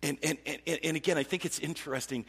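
Preacher, male, husky voice, lively and repetitive delivery, heard with a long reverb. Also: fairly high pitch, fast. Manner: animated, repeats words, swings from loud to hushed. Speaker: pastor. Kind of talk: sermon.

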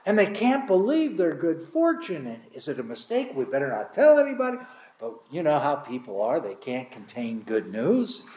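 A man's voice: mid-range voice, sing-song, normal speed, a little mellow. A man preaching a sermon to his congregation, telling the story in a conversational way with dramatic swings of emphasis. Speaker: pastor. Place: congregation hall. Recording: echoey room.

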